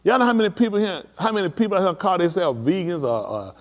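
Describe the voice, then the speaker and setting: A man preaching on a livestream, emphatic and addressing his listeners directly, building to excited peaks. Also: sits high, fast. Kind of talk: livestream preaching on world events.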